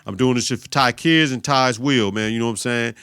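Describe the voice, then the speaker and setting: A man putting on a low, calm young gang leader. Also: fairly quick, clean tone, no echo, lightly acted. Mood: firm.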